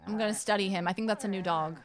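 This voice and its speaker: A woman's voice: mid-range voice, racing. A woman streamer playing a game live, joking and exclaiming at what happens on screen. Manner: animated, jokey, exclaiming at the screen.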